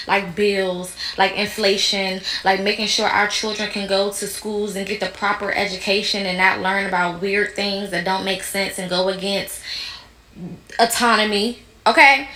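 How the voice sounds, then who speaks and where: Indignant bright-voiced woman podcaster. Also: medium pitch, reverberant. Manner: heated, indignant, mocking. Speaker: podcast host. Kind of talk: commentary on video clips.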